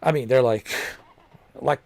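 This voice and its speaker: A gaming streamer rambles casually through a long story, peppering it with "man," "dude," and "you know," and laughing along because he finds it funny himself. His mid-range voice runs a little slow, with vocal fry and a darkish tone, recorded without echo.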